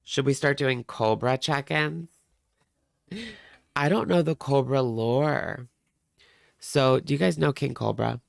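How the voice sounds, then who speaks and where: Speaking at a relaxed pace in a medium-pitched, strongly gravelly voice full of vocal fry, a man runs a reaction livestream. He rambles casually and addresses his viewers directly. The recording is dry and close-miked, with no room sound at all.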